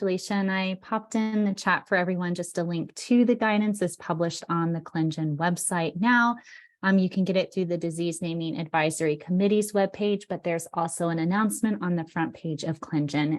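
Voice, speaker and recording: A woman's voice: on the low side, normal speed. Woman walking folks thru a presentation on a video call, lots of um and right?, upbeat. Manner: energetic, explanatory, frequent "um" and "right?". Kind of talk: online presentation.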